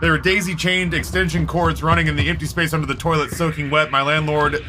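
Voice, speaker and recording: A man's voice: a little high, quick pace, noisy background. A man streaming a game, telling rambling stories in a casual, swearing way. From Canada. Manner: rambling, swearing, animated quoted voices. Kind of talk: casual storytelling while gaming. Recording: faint music behind.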